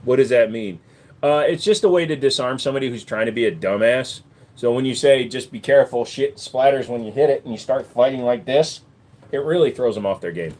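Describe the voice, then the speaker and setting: An American man hosts a casual livestream and banters with viewers. His pitch swings a lot, rising and falling as he jokes. He talks close to a desk microphone from a room at home. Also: expressive, a little fast, darkish tone. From United States. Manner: joking, slips in and out of put-on accents. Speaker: livestream host.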